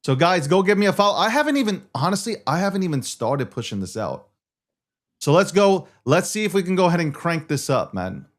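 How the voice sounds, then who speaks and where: A man's voice: high-pitched, big pitch swings, brisk. A man hosting a live crypto stream, talking in a brash, profane, boastful way. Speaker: show host.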